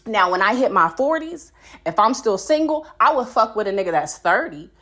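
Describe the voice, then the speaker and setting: A woman in her thirties hosting a podcast, telling a story in a blunt, profane, animated way. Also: medium pitch, normal speed. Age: 30s. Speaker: podcast host. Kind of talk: casual storytelling.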